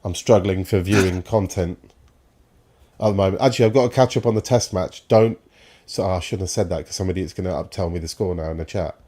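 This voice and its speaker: A man's voice: low voice, fairly quick, mellow. A man co-hosting a football watchalong stream, riffing sarcastically in casual chat.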